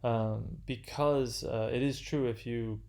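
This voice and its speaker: Male lecturer, mid pitch, halting delivery with many fillers and restarts, unscripted lecture. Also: fairly even intonation, a little mellow. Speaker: literature lecturer.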